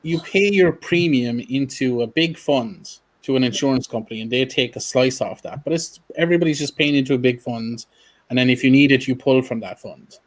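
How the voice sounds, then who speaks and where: A man's voice: medium pitch, brisk. A man hosting a casual interview, rambling through questions with plenty of fillers. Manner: rambling, full of restarts and fillers. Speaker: podcast host.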